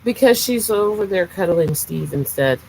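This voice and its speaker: A woman's voice: lowish voice, expressive, normal speed, creaky, a little mellow, a little hiss or hum, low-quality recording. A woman in a casual livestream chat, talking with a sassy, teasing edge and some swearing.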